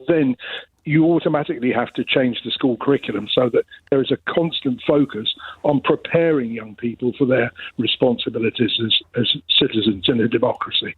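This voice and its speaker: A man's voice: mid-range voice, slightly rough, no echo. A man, a former head teacher calling in to a radio show, earnest and insistent, repeating his points. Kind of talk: phone-in call. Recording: tinny phone line.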